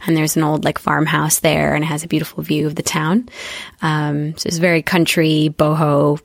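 A young woman with a lowish voice, born in the UK and raised in Spain and the USA, chatting as a guest. She talks in an animated, chatty way and laughs easily. The sound is close and dry. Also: normal speed, gravelly, dry recording. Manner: animated, laughs often, slips into playful voices for quotes. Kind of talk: casual interview chat.

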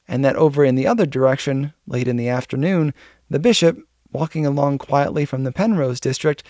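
A man narrating an old novel as an audiobook, in a steady, earnest storytelling manner. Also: a little high, vocal fry, no echo, studio quality.

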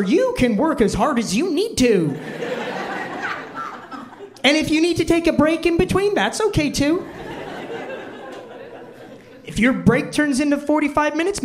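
A man with a notably high voice performs stand-up on a live theatre stage. He tells self-deprecating stories and voices each character in turn. Bursts of audience laughter roll in behind him. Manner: self-deprecating storytelling, acting out both sides of dialogue. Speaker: stand-up comedian. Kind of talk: stand-up comedy set.

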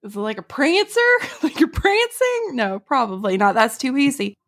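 A woman's voice: a little high, very animated, normal speed, a bit bright. A woman with a Southern US accent, a podcast guest in casual chat who laughs often while guessing.

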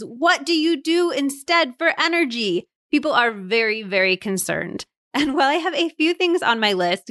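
A woman podcast host reads an ad in a chatty voice. Her tone is very bright and forward. She sounds close-miked and completely dry. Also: fairly high pitch, no echo. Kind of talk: host reading an ad.

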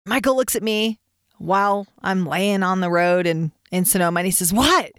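Animated woman telling a story, dry sound. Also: lowish voice, moderate pace, clean tone, no room sound. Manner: animated, laughs often, acts out quoted shouts. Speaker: podcast host telling a personal story. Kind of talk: casual first-person storytelling.

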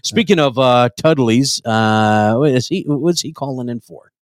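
A man's voice: mid-range voice, unhurried, no echo, clean studio sound. A man from Oklahoma hosting a casual comedy talk show, joking crudely and swearing freely. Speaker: podcast host.

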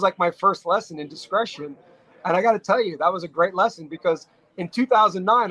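A middle-aged man from New York spins stories as a podcast guest. His voice sits a little high for a man, and he talks in animated bursts, often restarting his sentences. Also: rough recording. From New York, USA. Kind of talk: casual storytelling interview.

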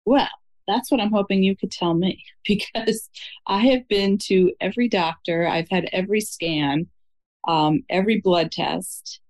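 A woman's voice: medium pitch, measured pace, darkish tone, poor audio. A woman calling in to a show, earnestly describing her situation in detail. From Syracuse, New York. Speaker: caller. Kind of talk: call-in conversation.

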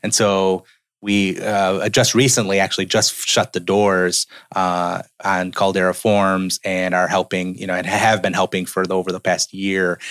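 Lowish voiced founder guy chatting on a podcast, earnest, dry sound. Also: fairly bright tone, no echo. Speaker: business founder guest. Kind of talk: casual interview chat.

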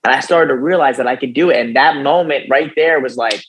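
A young man speaks as a podcast guest, recounting his life story in a loose, conversational way. He keeps it animated and casual, tossing in "dude" and "right?" as he goes. His voice sits in an ordinary middle pitch. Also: a little fast, a little hiss or hum, low-quality recording. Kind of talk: personal storytelling in an interview.

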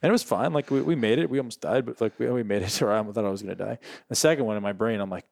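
A man's voice: lowish voice, racing, creaky, few pauses, darkish tone, dry recording, studio quality. A man hosting a podcast, talking enthusiastically in a coaching tone about mindset and breathing. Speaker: podcast host. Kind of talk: casual podcast interview.

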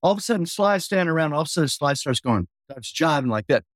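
A man in his sixties, a guest musician telling a story with lots of energy, acting out voices and humming bass lines. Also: expressive, fast talker, dry recording, studio quality. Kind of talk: animated storytelling.

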